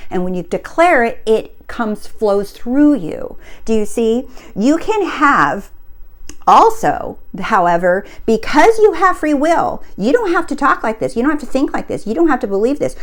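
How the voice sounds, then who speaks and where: A woman coaching on spiritual wealth, speaking in an earnest, emphatic way and often asking if listeners see her point. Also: on the high side. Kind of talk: spiritual teaching talk.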